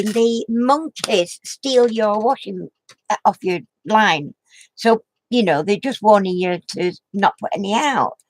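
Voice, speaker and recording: A woman's voice: on the high side, no room sound. An older woman telling a funny story as a craft vlogger, laughing through her words and tossing in homely exclamations. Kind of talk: rambling anecdote to camera.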